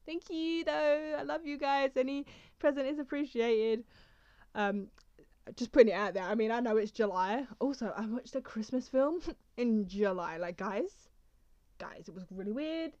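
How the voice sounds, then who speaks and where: A woman's voice: fairly high pitch, normal speed, darkish tone, dry recording, highs cut off. A young woman hosting a solo podcast, chatting in a giggly, rambling, self-deprecating way and wandering off on tangents. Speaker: podcast host.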